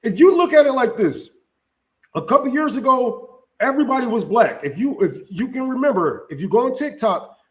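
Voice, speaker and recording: A man's voice: very high-pitched, animated, normal speed. A man hosting a casual opinion livestream, talking in a heated, profane, emphatic way with frequent restarts. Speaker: livestream host. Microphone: streaming setup mic.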